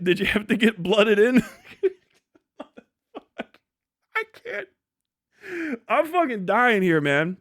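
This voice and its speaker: High-voiced man mocking on a livestream. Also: fairly bright tone, no echo, studio quality. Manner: mocking, laughing often, profane. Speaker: livestream host. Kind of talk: casual livestream rant.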